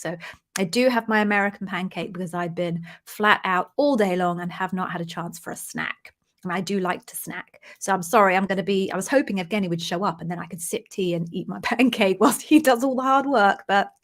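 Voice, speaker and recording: An Englishwoman with an English accent hosting a casual livestream from home, chatty and self-deprecating with jokey asides. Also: medium pitch. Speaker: livestream host, interview coach. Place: home near London.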